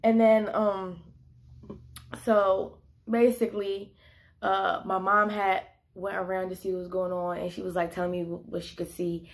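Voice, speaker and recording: Young woman rambling thru a storytime vlog, lots of likes, gets loud when she quotes herself. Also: mid-range voice, measured pace. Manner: animated, quotes herself in bursts; heavy use of "like" fillers. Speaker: vlogger. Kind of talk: casual storytime.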